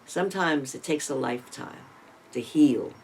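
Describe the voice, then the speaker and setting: Torah teacher, sermon-style retelling, dramatic swings in loudness, rhetorical asides, mid-pitched voice, faint background hum. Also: normal speed, low-quality recording. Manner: explains with asides and rhetorical questions.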